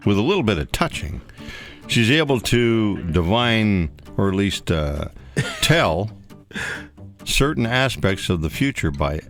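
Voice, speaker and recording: A man's voice: fairly low pitch, sing-song, measured pace, fairly bright tone, faint music behind. An older man from Canada co-hosting a podcast, telling stories casually with lots of fillers and chuckles. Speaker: podcast co-host. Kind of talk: casual storytelling chat.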